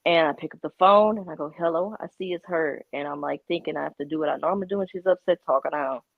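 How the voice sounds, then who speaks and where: A woman telling a story in animated chat, acting out quotes and repeating emphatic denials. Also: low-pitched, very fast, gravelly, no echo. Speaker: guest on a drama commentary stream. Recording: tinny phone-like call audio.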